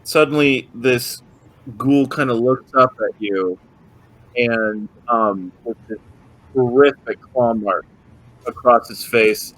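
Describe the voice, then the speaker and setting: Man, game master, mid-pitched, halting narration full of ums. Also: a bit bright, rough recording. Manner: hesitant, many ums and restarts.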